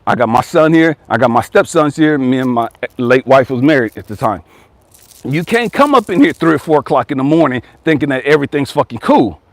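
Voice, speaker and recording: A man's voice: mid-range voice, lively intonation, fairly quick, no echo. A man in his forties giving a blunt, profane motivational talk as a life coach and channel host. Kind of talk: casual motivational monologue.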